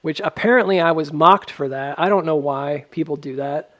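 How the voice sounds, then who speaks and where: A man's voice: a little high, moderate pace, fairly bright tone. A man giving casual stock chart commentary, rambling with lots of ums and laughing at his own jokes.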